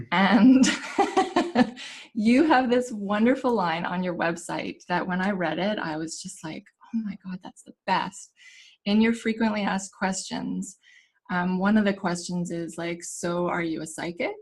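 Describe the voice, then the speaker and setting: A woman hosting a casual interview, effusive and enthusiastic with her guest. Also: lowish voice. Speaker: interview host.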